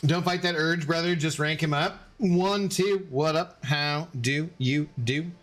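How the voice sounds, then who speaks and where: A man's voice: a little high, a little slow, fairly bright tone, faint music behind. Casual man chatting on a game stream. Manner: rambling, reads chat aloud and answers viewers. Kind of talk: casual live-stream chat while gaming.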